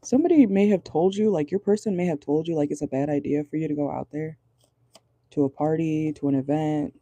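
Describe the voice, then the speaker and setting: A tarot reader doing a casual reading from inside a car, pausing often while channeling, swearing and laughing nervously. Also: medium pitch, warm tone, no echo.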